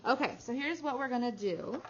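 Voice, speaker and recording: A woman teaching a small phonics group, stretching out each sound slowly and praising the children often. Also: high voice, expressive. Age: adult. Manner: slow, drawn-out sounding out of words with encouraging praise. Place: classroom. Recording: dull lo-fi classroom recording with faint noise.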